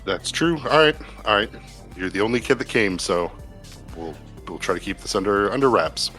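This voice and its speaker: Brisk, stern woman security chief, a man doing it in a tabletop game; bright, lowish voice, soft music underneath. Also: animated.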